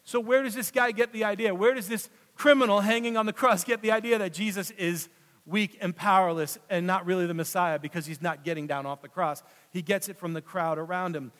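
Male preacher with a high voice, sermon delivery that rises to emphasis and falls to a hush, long church reverb. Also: steady tone. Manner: swings between loud emphatic passages and hushed, slow drops. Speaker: pastor. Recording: long reverb of a large hall.

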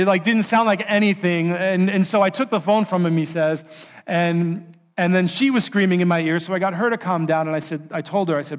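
High-voiced man telling a sermon story. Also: fairly quick. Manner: animated storyteller, voices characters' lines. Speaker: preacher.

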